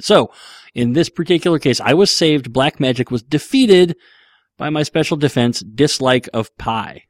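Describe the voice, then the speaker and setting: A man's voice: mid-range voice, moderate pace, dry recording, clean studio sound. A man hosting a podcast, casually answering listener questions in a rambling, joking way with lots of fillers. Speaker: podcast host.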